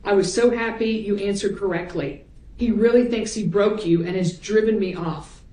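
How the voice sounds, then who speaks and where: A woman prosecutor examining a witness in court, reading emails aloud in a measured, plain way. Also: mid-range voice, mellow. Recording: roomy courtroom audio.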